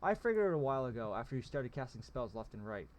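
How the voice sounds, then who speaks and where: A man's voice: medium pitch, big pitch swings, fast, slight background noise, lightly acted. Teasing female amulet spirit, voiced by a man, knowing and sly, storybook read-aloud.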